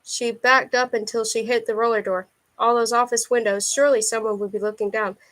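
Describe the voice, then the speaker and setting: A woman's voice: on the high side, steady tone, fairly quick, fairly bright tone. Woman reading a novel aloud. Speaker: audiobook reader.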